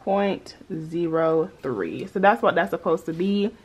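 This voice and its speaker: A woman's voice: lowish voice, animated, a little slow, husky. A young woman vlogging her paycheck budget, working sums aloud and chatting to her viewers with a familiar, playful manner. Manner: chatty, talks to viewers as y'all, child, girl. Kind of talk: casual budgeting vlog, talking through calculations.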